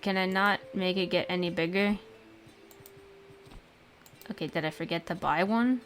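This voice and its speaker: A woman's voice: on the low side, normal speed, slight background noise. A young woman casually commenting over her gameplay with a sore throat, chatty, self-mocking and profane. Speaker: gaming host.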